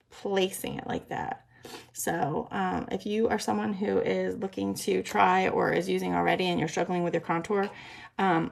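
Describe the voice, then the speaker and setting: A woman's voice: fairly low pitch, gravelly. A woman, rambling and chatty, talking through a live makeup tutorial with lots of ums. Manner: chatty, rambling, many ums, explains as she works.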